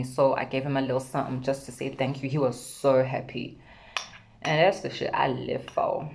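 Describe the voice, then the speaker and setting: A young South African woman with a South African accent, telling a casual storytime vlog with sassy, animated retellings of conversations. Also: rumbling low, noisy background. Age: young adult. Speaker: vlogger.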